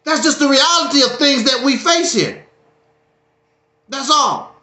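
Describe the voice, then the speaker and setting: A man's voice: very high voice, lively intonation, measured pace, bright, forceful tone. A man giving a casual livestream monologue, preachy and joking with a dramatic streak. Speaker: YouTube streamer. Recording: echoey room.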